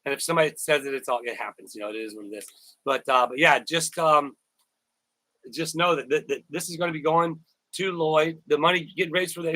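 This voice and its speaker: A YouTuber hosts a casual live stream, rambling along, repeating words, and thanking viewers by name. His voice runs on the high side, brisk and bright with a forceful edge, though the audio quality is poor.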